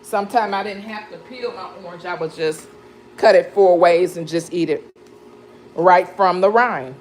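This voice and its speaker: A woman's voice: on the low side, moderate pace, a little hiss or hum. Chatty woman juicing fruit on a live stream. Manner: chatty, greets viewers by name, laughs often. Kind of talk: casual live kitchen chat. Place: home kitchen.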